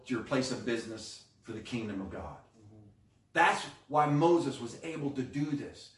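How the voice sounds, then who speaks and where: A male pastor preaching a sermon with animated, emphatic delivery, acting out quoted lines. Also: mid-range voice. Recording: echoey room, mic at a distance.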